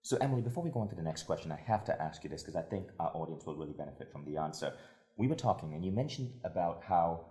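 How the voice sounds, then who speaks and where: A man's voice: deep voice, animated, fast, mellow, reverberant. A man hosting an interview, praising his guest effusively and prompting her answers. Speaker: interviewer host.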